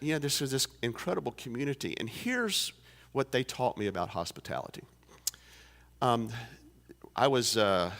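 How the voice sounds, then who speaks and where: A man's voice: deep voice, fairly bright tone. A pastor in his fifties telling a folksy story during a sermon, with many fillers and restarts. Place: church sanctuary. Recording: long church reverb.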